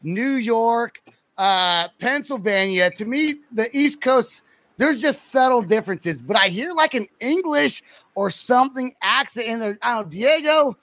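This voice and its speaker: High-voiced teasing podcast host. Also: male voice, animated, unhurried, fairly bright tone, no room sound. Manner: playful, teasing, repeats himself. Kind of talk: casual interview chat.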